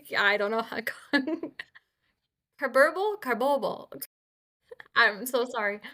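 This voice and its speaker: Bright, giggly woman co-host. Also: a little high. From United States. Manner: giggly, apologetic, quick reactions. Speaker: podcast co-host. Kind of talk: casual chat.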